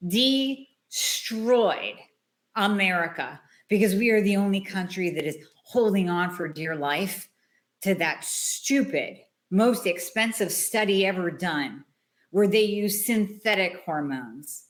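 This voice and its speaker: A woman's voice: fairly low pitch, unhurried. A woman hosting a solo health podcast, talking in a blunt, emphatic, conversational way. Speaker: podcast host, hormone doctor.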